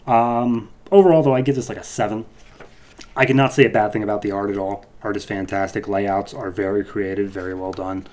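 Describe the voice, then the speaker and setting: A man's voice: fairly low pitch, steady tone, brisk, darkish tone. A man who reviews comic books, giving a loose, rambling podcast recap full of asides.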